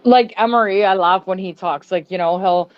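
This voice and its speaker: A woman's voice: medium pitch, moderate pace, dry recording, dull audio. A woman with a Canadian accent hosting a livestream in casual chat, giggling often and saying "like" a lot. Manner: giggly, chatty, lots of "like". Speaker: livestream host.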